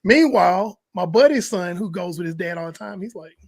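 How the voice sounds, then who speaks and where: A man co-hosting a sports podcast, talking casually and acting out what players might say in quick changing voices. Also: high-pitched. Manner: animated, acts out quotes in shifting voices. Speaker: podcast co-host.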